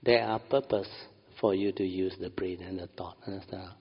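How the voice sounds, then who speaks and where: A man's voice: low voice, steady tone, moderate pace, husky. A man giving an informal meditation talk, often asking "understand?" and chuckling. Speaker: meditation teacher. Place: meditation hall. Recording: dull audio in a long-reverb hall.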